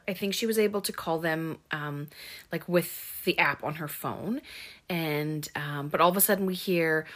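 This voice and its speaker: A woman casually retelling a film plot, full of ums and likes and quick voices for the characters. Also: sits low, a bit bright. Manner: chatty, lots of ums and likes; acts out lines in quick voices. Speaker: movie recap host. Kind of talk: casual movie recap.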